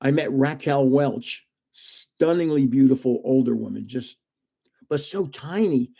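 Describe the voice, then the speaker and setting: A man's voice: mid-range voice, unhurried, gravelly, warm tone, husky. An older man hosting a live stream, telling rambling stories in a chatty way and laughing often. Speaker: host of a live card-opening stream.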